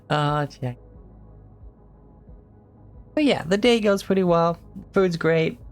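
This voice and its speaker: A man narrating as game master of a tabletop role-play stream, relaxed and rambling. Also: on the high side, drawn-out words, pauses often, soft background music. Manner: relaxed, rambling with many fillers. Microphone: home mic on a live stream.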